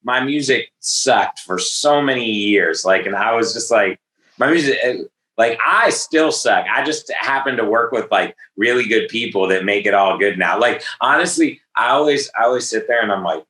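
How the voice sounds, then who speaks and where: A man from Northern Virginia, a music producer talking in a casual interview, excitable and self-deprecating. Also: fairly low pitch, normal speed, reverberant, rough recording.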